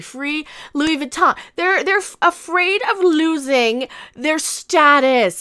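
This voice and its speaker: Sarcastic, high-voiced ranting woman. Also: sharp tone, dry recording, studio quality. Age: 40s. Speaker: vlogger. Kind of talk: rant commentary.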